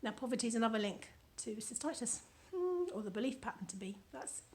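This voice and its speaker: A woman's voice: fairly high pitch, expressive, fast talker, a little mellow. A British woman with a chatty, playful manner, casually reading from her own book and adding commentary. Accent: British English. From United Kingdom.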